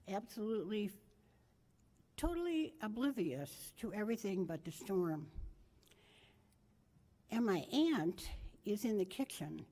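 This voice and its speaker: A woman's voice: medium pitch, mellow. An older woman giving a memorial tribute, telling family stories in a rambling, anecdotal way and correcting herself as she goes. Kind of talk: memorial storytelling speech.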